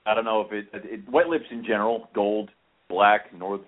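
A man's voice: lowish voice, steady tone, normal speed. A man co-hosting a podcast in casual chat, rambling and self-deprecating, with casual swearing. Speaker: podcast co-host. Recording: tinny phone-like audio.

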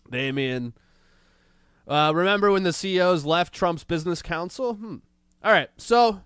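Man, sarcastic livestream host, slight cold, smooth voice, dry sound. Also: fairly high pitch, dry recording. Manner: sarcastic, mocking, drawn-out jokes. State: has a cold. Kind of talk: casual commentary reacting to clips and chat.

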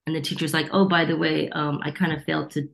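A woman's voice: low voice, little pitch movement, fast talker, gravelly. A middle-aged woman from the United States, a Reiki teacher, telling stories in an interview and acting out the voices of people she quotes. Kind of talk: storytelling interview.

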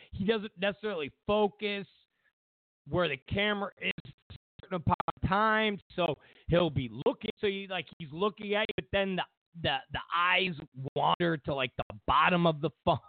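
Male commentary host, lively pitch swings, rambling opinionated monologue, dry thin phone-quality sound. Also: dry recording. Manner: meandering storytelling with many fillers and restarts. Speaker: host of political commentary show.

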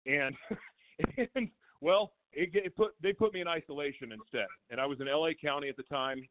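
A man's voice: a little high, normal speed. A man calling in as a guest, telling a raw personal story in a rambling, self-correcting way. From Oklahoma. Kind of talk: candid personal testimony. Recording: tinny phone line.

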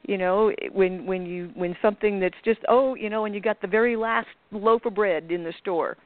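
A halting host on a phone line. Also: medium pitch, no echo. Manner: halting, searching for words with many fillers. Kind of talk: casual chat. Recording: tinny phone-line sound.

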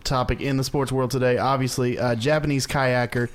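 A man's voice: medium pitch, steady tone, fairly quick. A man co-hosting a comedic sports podcast, introducing topics in a hesitant, self-deprecating way. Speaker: podcast co-host reading topics. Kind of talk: casual comedic sports chat.

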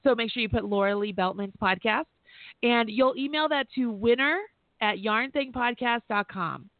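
A cheerful woman runs a podcast chat, her voice sitting a little high and laughing often. The sound is dry and thin, like a phone line. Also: lively intonation, moderate pace, no echo. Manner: bubbly, laughs easily. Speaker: podcast host. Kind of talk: casual chat.

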